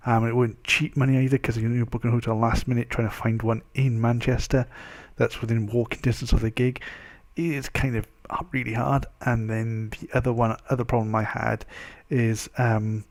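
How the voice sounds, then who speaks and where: A Welsh man talks to his camera in a casual, rambling vlog. His voice is congested and stuffy from a cold, and his pitch sits in an ordinary middle range. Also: little pitch movement, a little fast, hardly any pauses. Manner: rambling, loose and chatty. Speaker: vlogger. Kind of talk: casual chat.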